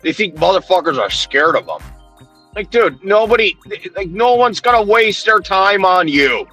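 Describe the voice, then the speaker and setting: A man's voice: high voice, big pitch swings, moderate pace, sharp tone, soft background music. A man ranting heatedly on a livestream, swearing constantly, mocking and confronting people while he answers his chat.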